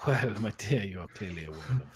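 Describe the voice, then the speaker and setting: A man voicing a boastful adventurer in a halting, put-on Viking accent, flirting with a barmaid. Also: mid-range voice, very animated, a little mellow, lightly acted. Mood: flirtatious.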